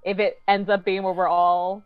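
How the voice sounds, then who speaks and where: A woman's voice: mid-range voice, little pitch movement, moderate pace, clear, resonant tone, no room sound. A woman casually describing her character for a tabletop game, easygoing and thoughtful. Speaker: game player. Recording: dull, dry lo-fi mic.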